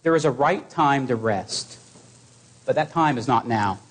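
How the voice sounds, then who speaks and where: A man preaching a sermon to his congregation in an earnest, exhorting way, with measured pauses. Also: mid-range voice, lively intonation, a little hiss or hum.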